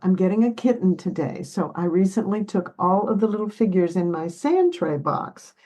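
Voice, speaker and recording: A warm, medium-pitched woman in her seventies with lively intonation and a moderate pace speaks as a therapist guest in a reflective interview. Earnest and emotional, she occasionally chokes up and laughs while telling family stories, on a rough recording.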